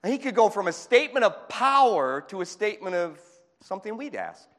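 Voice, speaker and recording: A man preaching a fervent sermon in a church, moving between shouting and hushed speech. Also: high-pitched, very animated, brisk. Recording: long hall reverb.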